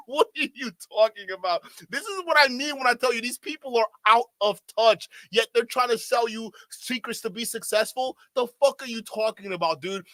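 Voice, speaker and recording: A man's voice: sits high, pushed and bright, no room sound. A man doing reaction commentary in a profane, sarcastic way, laughing often. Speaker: YouTube commentator.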